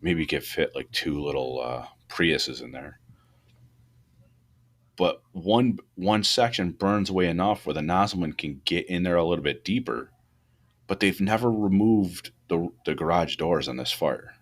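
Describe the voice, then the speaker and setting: A man co-hosting a fire service podcast, talking through a fire video in loose, rambling shop talk with many restarts, rising in pitch when he gets animated. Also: measured pace. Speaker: podcast co-host, fire truck company boss. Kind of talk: casual shop talk about firefighting.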